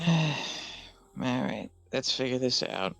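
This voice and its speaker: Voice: mid-range voice, animated, slow pace, gravelly, fairly bright tone, faint music behind. A player speaking in character in a fantasy tabletop game, with a wry, sarcastic delivery. The voice rises and falls a great deal as the remarks come out.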